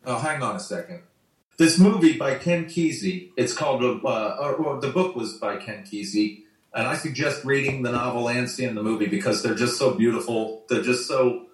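A man's voice: mid-range voice, moderate pace. A man ranting bluntly and profanely in a casual video-call conversation. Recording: roomy sound, distant from mic.

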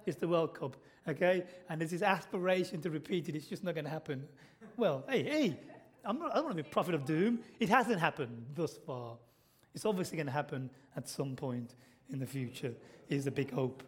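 A man gives a sermon in a church. His voice sits high for a man, and he keeps it conversational, throwing questions out to the congregation and checking in with "okay?" as he goes. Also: lively intonation, brisk. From Britain. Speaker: preacher.

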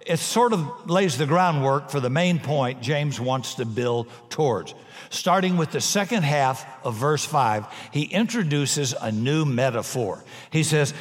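A man's voice: medium pitch, expressive, measured pace. A man preaching a sermon with emphatic delivery and humorous asides in a large church. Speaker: pastor. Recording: long hall reverb.

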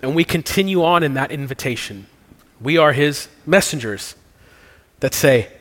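A man's voice: a little high, lively intonation, normal speed, fairly bright tone. A man preaching a sermon and leading communion and prayer in an earnest, conversational way with casual slang. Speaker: pastor. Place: church sanctuary. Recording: long hall reverb.

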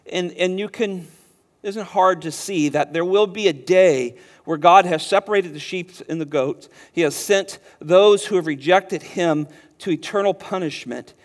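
A man preaching an expository sermon, emphatic and slowing down to stress key words. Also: high-pitched. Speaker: pastor. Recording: long hall reverb.

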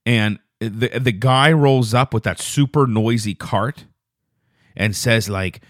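A man hosting a casual solo podcast, telling a rambling, profane story that turns loud and quick when he gets indignant. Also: mid-range voice, dry recording, studio quality. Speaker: podcast host.

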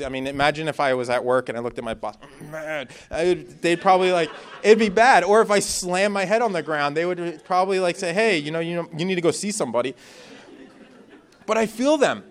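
A young male pastor preaching with an easy, conversational warmth in his storytelling. His voice sits a little higher than most men's. He swings between loud, energetic passages and near-whispered asides. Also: fast, few pauses. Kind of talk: sermon with personal stories.

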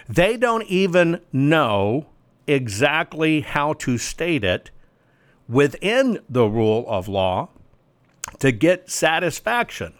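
A man's voice: fairly high pitch, fairly bright tone. A man hosting his own political commentary show, talking emphatically and sarcastically and addressing viewers as folks. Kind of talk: opinionated commentary monologue.

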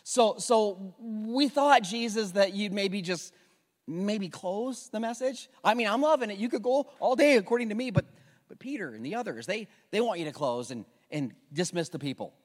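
Swapping between character voices, this high-pitched preacher dramatizes each scene of his sermon for the congregation, his intonation rising and falling sharply. He often trips into stammered restarts, and a long reverb from the large hall hangs on his words.

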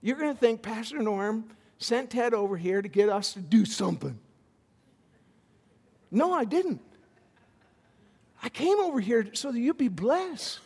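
A man preaches a sermon in a high voice, taking his time. He is animated and often stammers and restarts his phrases. His voice rings out with the long echo of a church hall. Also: measured pace, long pauses, husky. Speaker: visiting pastor.

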